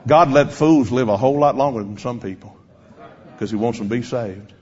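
A man's voice: medium pitch, brisk, darkish tone. A man preaching a sermon, speaking directly and challengingly to his congregation, on a dull lo-fi recording.

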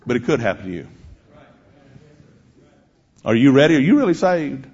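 A male preacher delivers a sermon, confronting his listeners head-on with pointed questions. His voice is husky and mid-pitched. The recording sounds dull and lo-fi. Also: very animated, moderate pace, darkish tone. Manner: direct, challenging the congregation.

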